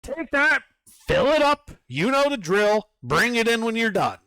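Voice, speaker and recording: A man voicing a gruff, bossy male dwarf foreman who scolds a worker and calls him lad. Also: extremely high pitch, big pitch swings, unhurried, sharp tone, voice pushed up, full character voice.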